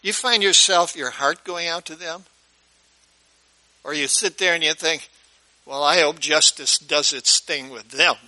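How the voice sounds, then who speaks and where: A man's voice: fairly high pitch, measured pace, long pauses, pushed and bright, low-quality recording. A male pastor preaching a sermon in a conversational storytelling way, often putting questions to his listeners.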